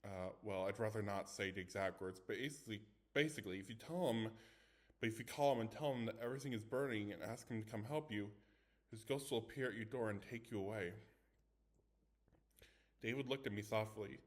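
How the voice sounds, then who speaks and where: A man's voice: lowish voice, moderate pace. A man reading a scary story aloud in first person, dramatic, with small stumbles. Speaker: story reader.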